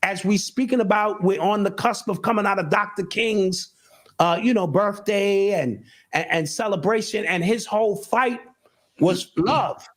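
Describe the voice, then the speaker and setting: A middle-aged man talking in casual conversation with a fairly high voice. He speaks earnestly, almost preaching, and often restarts with repeated words. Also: measured pace. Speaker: show host and guest. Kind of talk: casual chat.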